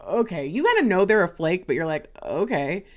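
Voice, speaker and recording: A woman with a lowish voice that swings widely in pitch, chatting through a tarot reading. She talks loosely and playfully, slipping into little voices to act out how people text and talk. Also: huge pitch swings, fast talker. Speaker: tarot reader. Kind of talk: casual tarot card reading.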